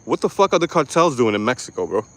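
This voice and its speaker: A man ranting to camera in a profane, mocking vlog, angry and loud. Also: medium pitch, very animated, fast. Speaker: vlogger. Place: lives in Florida.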